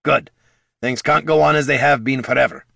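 A man's voice: mid-range voice, fairly even intonation, moderate pace, creaky, pushed and bright, dry recording, clean studio sound, voice pushed up, exaggerated voice. A man voicing a blunt, folksy veteran adventurer who worries about his party. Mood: earnest.

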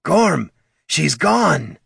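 A man's voice: mid-range voice, expressive, a little slow, gravelly, pushed and bright, husky, no echo, recorded from a distance, voice pushed up, exaggerated voice. A man voicing a huge, frantic troll who bellows and frets in anguish. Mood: fretful.

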